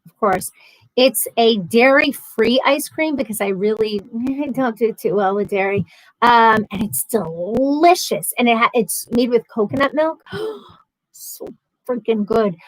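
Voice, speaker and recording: Woman, livestream host, higher voice, dry close sound; chatty and sarcastic while reading comments. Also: measured pace, no echo, low-quality recording. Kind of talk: casual chat reading viewer comments.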